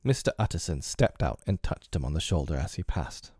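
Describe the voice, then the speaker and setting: Deep, measured male storybook narrator. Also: sing-song, a little mellow, slightly rough, no echo, clean studio sound. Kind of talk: storybook narration of a classic novel.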